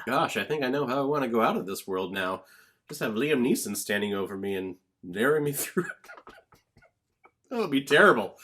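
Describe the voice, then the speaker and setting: A man's voice: medium pitch, expressive, fairly quick, a bit bright. A young man giving a casual movie review vlog, blunt and opinionated with jokey rants.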